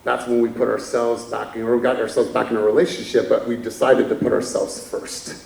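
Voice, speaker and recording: A man's voice: medium pitch, little pitch movement, brisk, creaky, a little mellow, recorded from a distance. A man giving a candid motivational talk from a conference stage, chuckling as he tells stories. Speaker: keynote speaker. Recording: echoey hall from afar.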